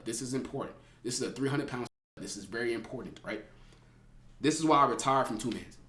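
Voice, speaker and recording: A man's voice: mid-range voice, brisk. Slangy young man, roomy echo. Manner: animated, slangy, laughs often, swings between loud and hushed. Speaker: streamer telling a story to live chat. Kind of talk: casual storytime to chat.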